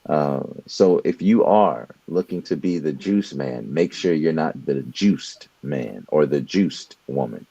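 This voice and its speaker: Deep earnest man, dull dry sound. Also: expressive, takes it slowly, few pauses, warm tone, slightly rough, no room sound. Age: young adult. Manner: earnest, repeats words while building a point. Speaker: podcast co-host. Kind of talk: motivational talk.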